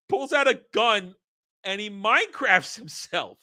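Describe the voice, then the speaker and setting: Man, host, casual rant, very bright edgy tone, fairly high voice, exasperated. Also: normal speed. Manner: animated, exasperated, acts out scenes. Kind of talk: casual movie rant vlog.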